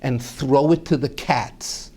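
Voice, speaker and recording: A man doing a calm, secretive wife. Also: mid-range voice, takes it slowly.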